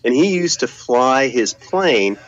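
An older man talks over a video call, and the audio sounds slightly dull and lo-fi. He tells long, rambling stories about his career and keeps doubling back on his words. His pitch sits in the middle for a man. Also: animated, slow. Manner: rambling anecdotes, frequent repeated words and restarts. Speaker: guest, former video game executive. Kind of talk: relaxed interview storytelling.

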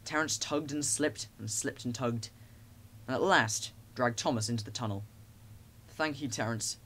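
A man reads a children's storybook aloud with lively expression. His voice sits in an ordinary middle range, neither deep nor high. The telling is steady and clear. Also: moderate pace. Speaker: narrator. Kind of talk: storybook narration.

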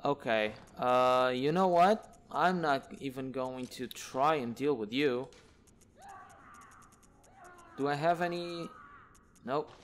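A man's voice: mid-range voice, measured pace, a little hiss or hum. A man giving live commentary on his own gameplay, exasperated and swearing at the enemies on screen. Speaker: let's play gamer. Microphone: desk mic, camera off.

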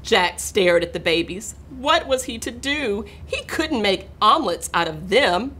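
A middle-aged woman reading a picture book aloud to children, expressive and talking to her young listeners. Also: medium pitch, measured pace, slightly rough. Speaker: school administrator reading aloud.

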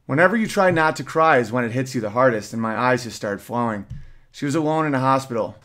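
Guy reading his own story out loud, earnest and emotional, middle pitch. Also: animated, fast. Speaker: podcast host. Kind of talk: reading a personal story aloud.

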